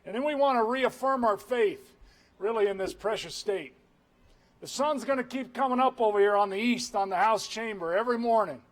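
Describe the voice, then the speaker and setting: A man, a governor, giving an energetic, conversational public address to a crowd. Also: sits high, moderate pace.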